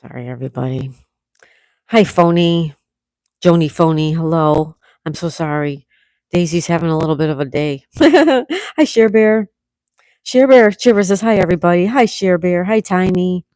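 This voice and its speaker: A woman hosting a casual live chat, greeting viewers by name and gently scolding her dog, with a sore throat coming on. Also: on the low side, animated, moderate pace, no room sound, clean studio sound. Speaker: livestream host.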